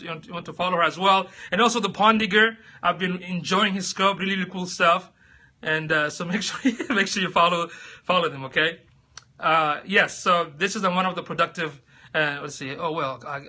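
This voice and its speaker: A man's voice: sits high, sharp tone. A man hosting a casual livestream, chatting with viewers by name and laughing often. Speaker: livestream host.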